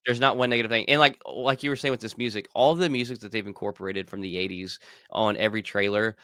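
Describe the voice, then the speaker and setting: An excited man co-hosting a casual fan chat, his voice bright and forceful. He rambles and doubles back on his words, and sits close to a dry, deadened mic. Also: lowish voice, quick pace, no room sound. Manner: excited, rambling, repeats himself. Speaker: podcast co-host.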